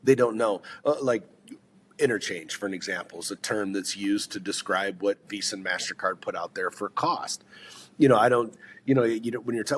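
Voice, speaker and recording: A man coaches on sales in a loose podcast conversation, his voice sitting at an ordinary middle pitch. He rambles, doubles back on his words and keeps throwing questions at whoever is listening. A faint hum of noise sits behind him. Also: lively intonation, a little fast.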